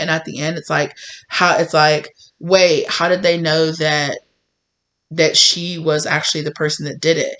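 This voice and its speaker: Young woman rambling through a tarot reading, acts out little scenes, goes hushed and dramatic sometimes. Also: deep voice. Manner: rambling, acts out imagined dialogue with gasps and hushed asides. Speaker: tarot reader. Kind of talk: casual tarot reading monologue.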